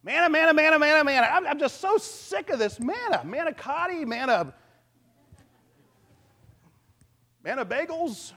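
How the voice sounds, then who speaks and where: A man's voice: big pitch swings, brisk, sharp tone, heavily acted. A man preacher putting on the voice of complaining Israelites who are sick of their food. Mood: whiny. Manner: whining, high-pitched sing-song complaining. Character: whiny complaining Israelite crowd, fed up.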